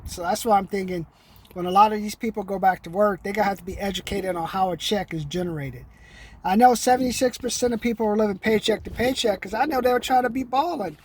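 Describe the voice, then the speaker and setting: A man's voice: high voice, breathy edge. A middle-aged man talking to his camera in a loose, rambling way, streetwise and peppering his talk with "man". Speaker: vlogger. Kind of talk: casual rambling monologue.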